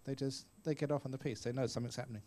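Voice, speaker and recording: In a meditation retreat hall, a Buddhist teacher in his 60s gives a dharma talk answering questions. His mid-range voice is warm and fairly even in intonation, and he races along like a chatty storyteller, acting out voices and laughing often.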